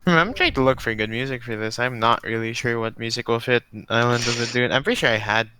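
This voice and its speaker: A man's voice: mid-range voice, fast talker, background noise. A man narrating as game master, rambling and correcting himself as he describes scenes.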